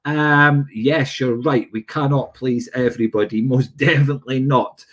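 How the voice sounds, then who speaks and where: A man's voice: medium pitch, fairly even intonation, moderate pace, fairly bright tone. A man hosting a live psychic stream, chatting and greeting viewers by name. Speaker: psychic medium host. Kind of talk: livestream chat.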